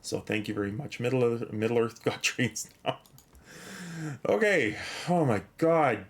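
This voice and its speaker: A man's voice: medium pitch, lively intonation, unhurried. A man streaming a game, chatting casually, rambling with many fillers and restarts, a little out of breath as he thanks viewers and reads chat.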